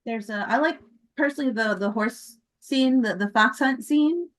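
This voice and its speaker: Woman, higher voice, halting, giggly, casual chat. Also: fairly bright tone.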